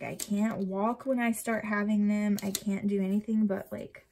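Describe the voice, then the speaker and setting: A woman's voice: mid-range voice, creaky, warm tone, slight background noise. A young woman vlogger chatting casually and rambling while decorating a planner. She sounds tired and uncomfortable and often drops to a near whisper.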